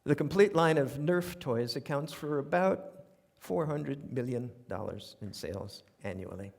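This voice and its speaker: His voice is gravelly and medium-pitched, his pace measured: an older New York man telling humorous stories on stage with a wry, conversational manner and animated asides. He's a radio commentator performing essays as a monologue before a live audience, recorded in a theater with long reverb.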